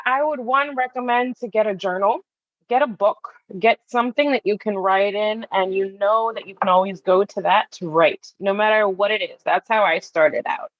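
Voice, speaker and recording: A woman wellness coach, a guest in a casual podcast conversation, talking in an animated way, swearing freely and acting out the voices in her head. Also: medium pitch, no room sound, dull audio.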